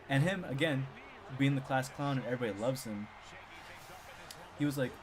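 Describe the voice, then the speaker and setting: A young man spins a story from his teenage years in loose, casual talk. His voice sits in a middle register and turns loud and excited when he rants. A steady hiss of noise runs under the recording. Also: medium pitch, brisk, pauses often. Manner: animated, gets loud and excited when ranting. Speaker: storytime streamer.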